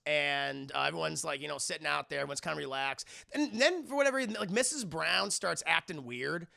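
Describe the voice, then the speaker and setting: A man streaming a casual movie review, excitable and profane, retelling scenes with lots of energy. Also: a little high, brisk, vocal fry.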